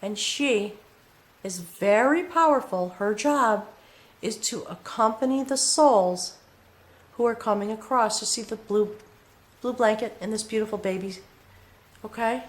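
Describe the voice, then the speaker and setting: A woman giving an emotional, earnest spiritual tarot reading, talking straight to the viewer and often checking in with a soft "okay?". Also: a little high, unhurried, pauses often. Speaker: tarot reader.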